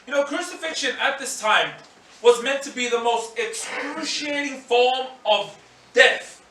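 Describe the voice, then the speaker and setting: Animated pastor. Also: male voice, very high-pitched, unhurried. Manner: animated, acts out scenes and voices. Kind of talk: sermon. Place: church hall. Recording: echoey hall, mic at a distance.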